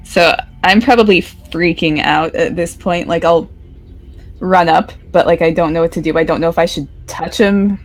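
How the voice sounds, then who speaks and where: A woman's voice: fairly low pitch, normal speed, soft background music, poor audio. A woman playing a tabletop role-playing game, casually describing her character's reactions. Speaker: player.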